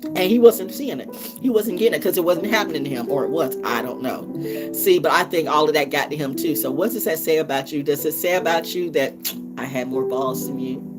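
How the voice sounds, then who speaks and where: A woman's voice: sits low, fairly quick, loud music behind the voice. A woman hosting a casual livestream as an oracle card reader, talking bluntly and profanely in rambling asides.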